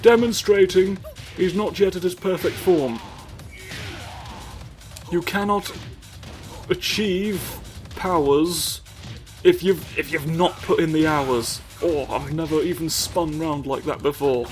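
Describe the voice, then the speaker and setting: A man's voice: on the high side, slow, long pauses, faint music behind. A man giving rambling, playful comedic commentary over a fighting game, full of absurd asides.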